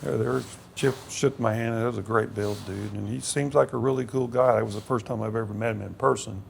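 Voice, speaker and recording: Male guest, gravelly low voice, relaxed agreeable chat, faint room noise. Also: a little fast. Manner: easygoing, agreeable, frequent "yeah". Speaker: guest, motorcycle parts business owner. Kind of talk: casual interview chat.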